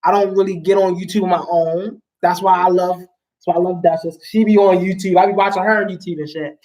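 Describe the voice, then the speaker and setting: A woman's voice: fairly low pitch, fairly even intonation, brisk, dark tone. A woman guest in casual chat, telling stories emphatically in slang-heavy talk.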